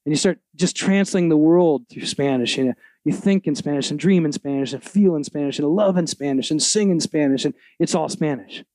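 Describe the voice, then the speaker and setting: A man's voice: a little high, brisk, few pauses, warm tone, dry recording. A middle-aged man preaching a live sermon to an audience, fervent and emphatic, asking the crowd rhetorical questions. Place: live event before an audience.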